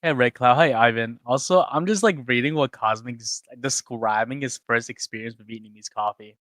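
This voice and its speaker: A woman's voice: rumbling low, moderate pace, a bit bright, dry recording. A woman co-hosting a casual livestream, laid-back, reading viewers' chat aloud. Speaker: streamer co-host.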